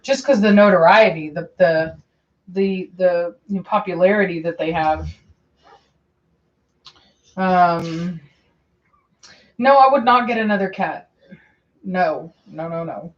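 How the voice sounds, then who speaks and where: A woman dog breeder hosts a livestream, casually answering viewer questions in a meandering way with lots of ums and repeated phrases. Her voice is lowish and slow, with long pauses, and the stream audio is dull and lo-fi.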